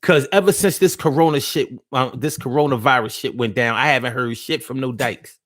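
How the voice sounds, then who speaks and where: A male host talking loosely to his live audience, cursing freely and leaning on slang. He jokes with his listeners and addresses them directly. His voice sits at a middle pitch for a man. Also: a little fast, a bit bright, no echo, studio quality. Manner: loose, profane, slang-heavy ranting; teasing, talks straight to listeners. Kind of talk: casual live-stream talk.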